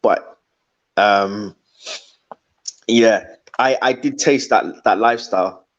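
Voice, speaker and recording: A man's voice: fairly low pitch, slow, muffled recording. A young man as a podcast guest, joking and chatting casually with lots of slang and restarts.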